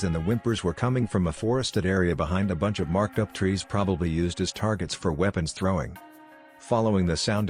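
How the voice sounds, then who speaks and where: Deep-voiced man narrating a story. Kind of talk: fan fiction story narration.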